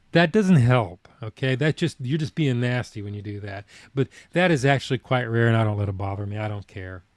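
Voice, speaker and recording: A man with a drawl hosts a live stream and chats casually with viewers as he reads their comments. He talks in a plainspoken, folksy way and rambles at times. His voice sits at an ordinary pitch and is recorded close and dry. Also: darkish tone, dry recording.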